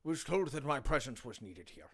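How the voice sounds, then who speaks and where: A man's voice: mid-range voice, very animated, normal speed, pitched above the performer's own voice. A man voicing a flustered, stammering male officer captain with a fussy, formal manner.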